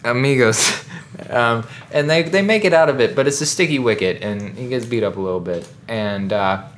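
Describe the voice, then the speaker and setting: A man co-hosting a podcast, rambling through an animated, joking recap of a movie. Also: medium pitch, brisk, a little hiss or hum. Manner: rambling, animated storytelling with laughs. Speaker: podcast co-host. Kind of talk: casual comedic chat recapping a movie.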